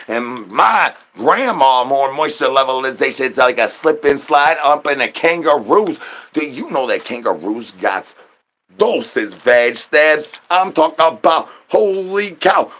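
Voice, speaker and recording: Husky man rambling to his stream chat. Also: on the high side, expressive, unhurried, fairly bright tone. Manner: absurd, slangy, repetitive catchphrases. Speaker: livestream host. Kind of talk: rambling livestream patter to chat.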